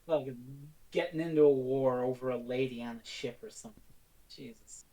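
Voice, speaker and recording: A man's voice: medium pitch, normal speed, dark tone. A man co-hosting a podcast in casual chat, with dry, teasing banter. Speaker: podcast co-host.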